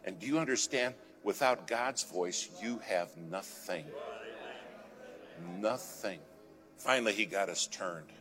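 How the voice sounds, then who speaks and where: A man giving a sermon as a guest speaker, telling a dramatic story, swinging from loud urging to a hushed whisper. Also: on the low side, takes it slowly. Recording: long hall reverb with faint music.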